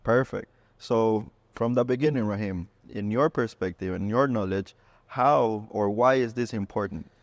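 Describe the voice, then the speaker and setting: Lower-voiced podcast host, friendly banter. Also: male voice, normal speed, no room sound, muffled recording. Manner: friendly, calls guest "bro", loose phrasing. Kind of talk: casual podcast chat.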